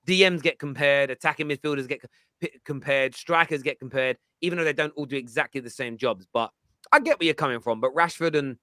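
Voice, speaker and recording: Bright-voiced host, teasing and lively; dry close sound. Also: male voice, medium pitch, brisk, no echo. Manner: animated, teasing. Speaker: panel host. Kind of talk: casual football chat.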